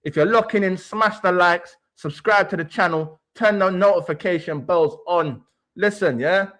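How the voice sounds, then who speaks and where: A young man hosts a livestream, ranting brashly about football in swaggering street slang. His voice is high and fairly bright, and he speaks at a moderate pace in this heated fan rant.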